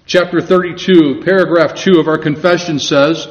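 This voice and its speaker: A male preacher with a fairly high voice delivers a sermon, earnest and measured. He slows down to stress his scripture quotes. The recording is dull and lo-fi, in an echoey room. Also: steady tone.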